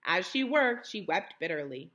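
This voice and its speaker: A young woman teacher reading a picture book aloud to children, pausing to explain words in simple terms. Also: fairly low pitch, sing-song, a bit bright.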